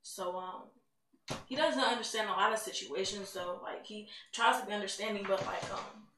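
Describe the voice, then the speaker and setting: A teenage girl giving a candid, rambling personal testimony, building to excitement at points. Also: mid-range voice, moderate pace. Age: teens. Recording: echoey room, mic at a distance, faint noise.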